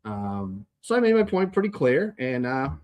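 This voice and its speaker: A man's voice: medium pitch, big pitch swings, normal speed, darkish tone. A man hosting a podcast, ranting in a casual, rambling monologue with plenty of profanity and restarts. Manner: blunt, profane and rambling, with many fillers and restarts. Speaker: podcast host.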